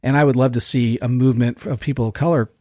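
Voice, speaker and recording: A middle-aged man on a podcast panel who talks quickly and earnestly, pushing his point. His voice sits in the middle range. The recording is dry and close. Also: medium pitch, fairly even intonation, a little mellow, no echo. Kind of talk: casual chat.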